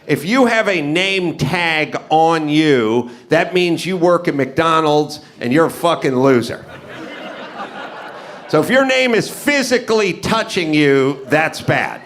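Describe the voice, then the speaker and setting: Man, podcast host, live comedy storytelling, animated delivery, middle pitch. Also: slow pace. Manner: animated, acts out dialogue with big pitch swings. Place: live podcast on stage before an audience.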